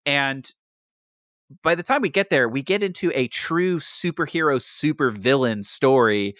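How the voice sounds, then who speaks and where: A man's voice: mid-range voice, unhurried, no echo, clean studio sound. Man animatedly retelling a wrestling feud. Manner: animated storytelling with quoted voices. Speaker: podcast co-host. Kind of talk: casual podcast chat.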